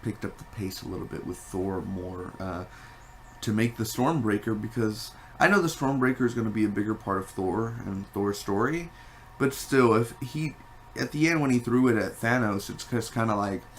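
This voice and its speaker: A man giving a casual spoken movie review, rambling and animated, with many fillers and restarts. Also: lowish voice, normal speed, a little hiss or hum.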